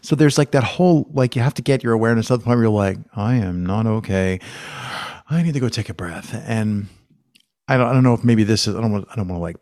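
A man's voice: on the low side, fast, a little mellow, no room sound, clean studio sound. A man hosting a podcast interview, asking long, hesitant questions full of fillers. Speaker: podcast host. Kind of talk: conversational interview.

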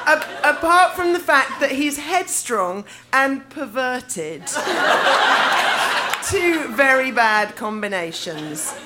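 A woman's voice: sits high, big pitch swings, slow, very noisy. A woman from England, reading aloud from her teenage diary and laughing through the lines. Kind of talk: comic reading of a teenage diary before an audience.

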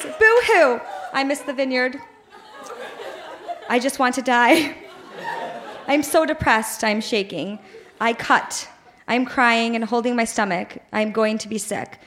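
A woman's voice: high-pitched, pushed and bright. A woman reading her teenage journal aloud on stage at a live show, in a pleading, melodramatic way. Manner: pleading, melodramatic teen outbursts. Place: live bar venue.

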